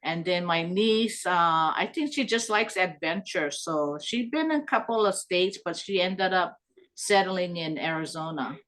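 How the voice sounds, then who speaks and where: A woman's voice: lowish voice, a little slow. A middle-aged woman from Hawaii with a light pidgin-tinged accent, casually telling family stories and laughing often. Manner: laughs often, animated when quoting family. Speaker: interviewee. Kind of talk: casual storytelling.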